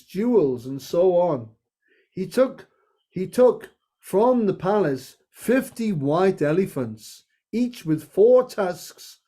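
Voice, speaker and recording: A man leads a group through a scripture story, reading slowly with unhurried pauses. His voice sits high yet sounds soft and mellow. He breaks off now and then for playful asides.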